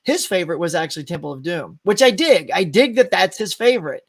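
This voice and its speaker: A man's voice: high-pitched, big pitch swings, brisk, gravelly, breathy edge. A man chatting casually as a guest on a live stream, talking about movies in an enthusiastic, chatty way. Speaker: guest host.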